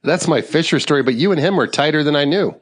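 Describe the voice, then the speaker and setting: A middle-aged man co-hosting a podcast, telling a story in a rambling, animated way and laughing along with it. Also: fairly high pitch, fast talker. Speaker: podcast co-host. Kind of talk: casual storytelling. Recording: long hall reverb.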